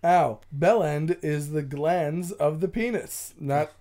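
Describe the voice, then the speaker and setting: A man's voice: a little high, dark tone. Rambling man reading listener comments. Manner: rambling, self-correcting, quick to laugh. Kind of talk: casual chat.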